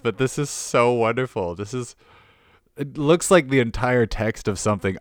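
A man's voice: medium pitch, normal speed, no room sound, studio quality. A man hosting a podcast, casually reading odd text aloud and laughing at it. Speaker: podcast host.

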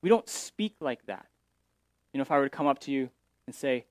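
A man's voice: medium pitch, lively intonation, a little fast, long pauses, dry recording. A male pastor explaining scripture in a sermon, paraphrasing verses and often restarting his sentences.

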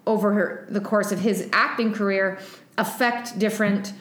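A woman's voice: medium pitch, fairly even intonation, moderate pace, fairly bright tone, roomy sound. A woman co-hosting a podcast, chatting casually with many fillers and laughs. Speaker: podcast co-host. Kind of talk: casual chat.

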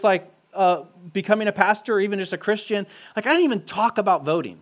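Young pastor rambling through a casual sermon, um and uh a lot, kinda high bright voice, dry close mic. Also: male voice, dry recording. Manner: conversational, joking, frequent fillers and restarts. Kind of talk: casual sermon with audience interaction. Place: church hall. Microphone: handheld mic.

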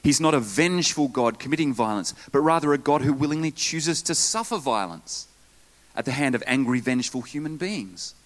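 A man preaching a sermon in church, lively, with asides and jokes to the congregation. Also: medium pitch, moderate pace. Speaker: pastor.

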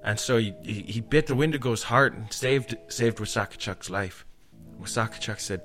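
Faint music sits behind this man, a guest storyteller whose voice is on the low side and a bit bright. He tells a spooky story casually at a moderate pace, rambling and often tagging lines with "eh" and "like."

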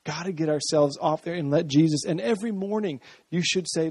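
A man preaching a sermon in a conversational, animated way, often acting out voices. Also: fairly high pitch, fairly quick, husky, no room sound.

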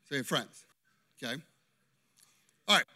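A man preaching an interactive sermon, animated and constantly checking in with his listeners. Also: mid-range voice, normal speed, husky. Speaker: pastor.

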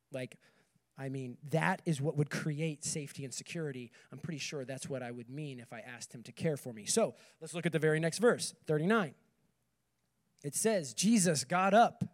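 Man preaching, keeps asking "right?". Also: on the high side. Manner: conversational, checks in with the audience with "okay" and "right". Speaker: speaker at a campus ministry meeting. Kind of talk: sermon with scripture reading.

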